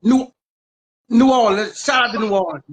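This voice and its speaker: A man's voice: high-pitched, normal speed, crowd noise, low-quality recording. A man from Washington, D.C., talking candidly and with emphasis. He repeats his points and uses heavy street slang. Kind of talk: candid conversation.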